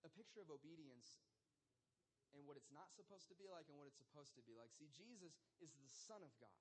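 A man in his thirties preaching a sermon in a conversational, animated way, full of casual fillers. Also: fairly high pitch, brisk, breathy edge, poor audio. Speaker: pastor.

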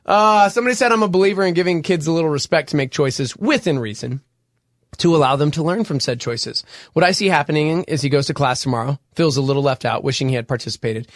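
Bright-voiced man, joking radio co-host, dry studio mic. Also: a little high, quick pace, no echo. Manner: joking, reads listener texts aloud. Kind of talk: casual morning radio banter. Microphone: studio microphone.

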